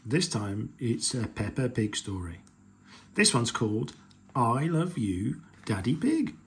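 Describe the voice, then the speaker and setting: A man reading a picture book aloud to children, slow and expressive. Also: medium pitch, a little hiss or hum.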